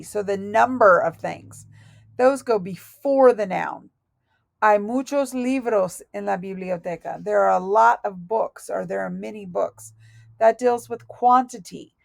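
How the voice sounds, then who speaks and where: Slow, gravelly woman teacher. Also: mid-range voice, darkish tone, no room sound. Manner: slow and deliberate, correcting herself aloud. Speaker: Spanish teacher. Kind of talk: recorded lesson reading through notes.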